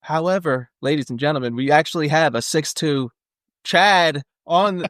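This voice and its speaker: A man's voice: a little high, normal speed, fairly bright tone, dry recording, clean studio sound. A man co-hosting a podcast, chatting casually about a movie with lots of fillers and jokey asides. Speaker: podcast co-host. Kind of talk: casual movie-discussion chat.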